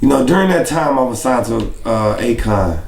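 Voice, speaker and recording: A man, a rapper guest in an interview, telling stories in a casual, animated way with lots of laughter. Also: medium pitch, normal speed, creaky, echoey room, a little hiss or hum. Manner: animated, laughing storyteller who acts out other people's lines.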